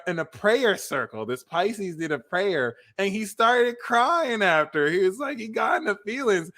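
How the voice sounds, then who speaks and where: A man hosting a casual astrology and tarot livestream, talking in an animated, profane, jokey way. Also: on the high side.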